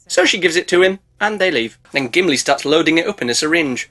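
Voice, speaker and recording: A man's voice: on the high side, animated, fast talker, hardly any pauses, sharp tone. A man narrating a comedic movie recap, sarcastic and mocking, swearing freely.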